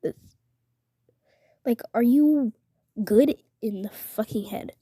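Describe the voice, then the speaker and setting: In a dry recording, an indignant young woman vlogs a casual story, often half-whispering. Her fairly high voice is slow, dark, and husky, and she rambles with many filler "like"s.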